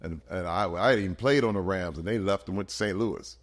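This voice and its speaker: A man in his fifties with a lowish voice, talking as a podcast guest. He tells his story earnestly and with feeling, and his voice swings up high and gets louder when he gets animated. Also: fairly quick. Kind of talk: emotional personal storytelling.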